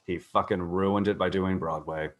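A man's voice: sits low, steady tone, moderate pace. A man on a podcast telling dry, wry stories about an actor's career. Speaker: podcast guest. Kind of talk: casual chat about a film.

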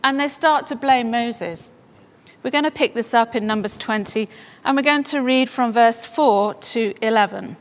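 Woman preacher, high voice, fervent and emphatic, reverberant hall sound. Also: moderate pace. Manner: builds to fervent exclamations. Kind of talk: sermon with scripture reading.

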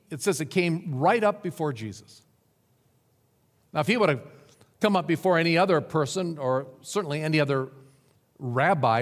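Man preaching in a reverberant hall. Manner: dramatic preaching with sweeping pitch and emphatic repetition. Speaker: pastor. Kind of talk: sermon.

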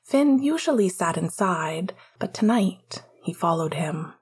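A woman narrating a story aloud in a gentle, measured way. Her voice is low-pitched, with a husky, breathy texture. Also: expressive. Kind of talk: audiobook narration of fiction.

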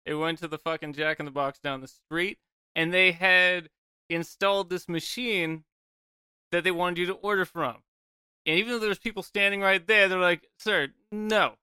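Male podcast co-host, high bright voice, dry close sound, profane animated storyteller. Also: moderate pace, smooth, no echo. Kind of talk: casual chat.

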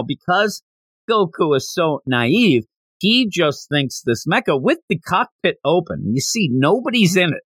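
Animated man retelling a comic. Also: a little high, no echo. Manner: animated storytelling, slipping into character voices. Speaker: podcast host. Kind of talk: casual comic recap.

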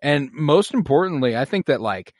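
A man co-hosting a podcast in casual chat about a film, lively and prone to acting out quotes. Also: a little high, normal speed, dry recording, studio quality. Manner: animated, puts on silly voices when quoting scenes. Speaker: podcast co-host. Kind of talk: casual movie discussion.

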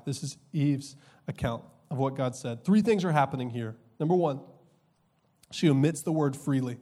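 A young man preaching a sermon as pastor, conversational and humorous, with quick asides and slow emphatic drops. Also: mid-range voice, mellow.

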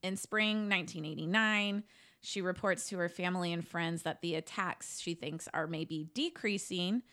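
A woman with a somewhat low voice recounts a true-crime case in a loose, conversational way. She talks like she is chatting with friends, with plenty of "like" and the odd curse word. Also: normal speed, a bit bright. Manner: chatty, swears, lots of "like". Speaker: podcast co-host telling a case. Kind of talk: casual true-crime storytelling.

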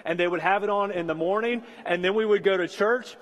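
A man's voice: high voice, fairly quick, a bit bright. Man preaching a sermon in a reverberant hall. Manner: earnest and encouraging, repeating key phrases for emphasis. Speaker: pastor. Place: church sanctuary.

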